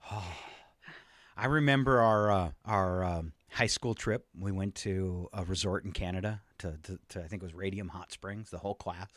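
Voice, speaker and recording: A man with a low, slightly bright voice co-hosts a morning radio show, bantering and teasing through a trivia game and laughing readily. He's on a studio microphone, and the recording is dry.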